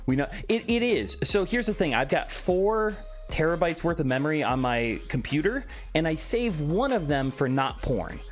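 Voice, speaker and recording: A man's voice: fairly high pitch, normal speed. A man streaming live, chatting casually and playfully while reading out and answering his chat. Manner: animated, reads chat aloud and answers playfully. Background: faint background music.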